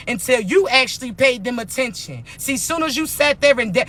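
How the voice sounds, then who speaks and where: A woman's voice: high-pitched, sharp tone. A woman spiritual life coach giving a motivational talk in an emphatic, blunt, slangy and often profane way.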